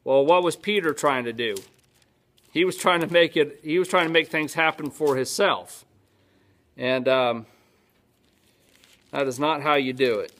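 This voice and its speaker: A man's voice: on the high side, a little slow, pauses often, a bit bright. A male pastor teaching a sermon in a church, conversational, often asking his congregation questions and answering them himself.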